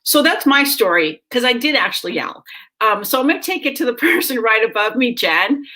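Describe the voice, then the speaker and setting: A middle-aged woman who hosts a parenting show, telling her own story in a casual, animated way. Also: fairly high pitch, a little fast. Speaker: parenting magazine host.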